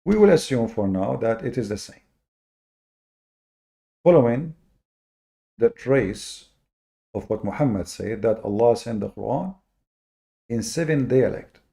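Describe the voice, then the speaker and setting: Expressive and mid-range, the gravelly voice of this male host carries a lecture-style monologue. His tone stays mellow and dark as he presses hard on key words, slow and deliberate, between stumbles of fillers and repeated words.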